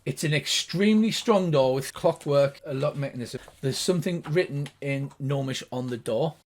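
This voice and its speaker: An older man narrating as game master of a tabletop game, playful and animated. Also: normal speed. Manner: lively, plays gnome voices with big pitch jumps.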